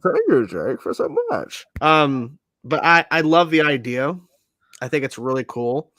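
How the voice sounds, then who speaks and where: A man co-hosting a casual pop-culture chat show, excitable, laughing and swearing, often repeating himself. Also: mid-range voice, unhurried, dry recording. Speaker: co-host.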